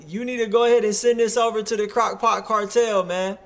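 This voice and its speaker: High-voiced man hyping a music review show. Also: a little fast. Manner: casual slangy hype talk. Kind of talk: live music review commentary.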